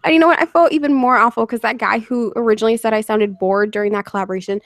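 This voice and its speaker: A woman's voice: fairly high pitch, fairly even intonation, racing, dry recording. A woman who narrates stories online, chatting casually and telling stories with frequent laughter. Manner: chatty storyteller, laughs often. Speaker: narrator and podcast guest. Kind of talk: casual chat.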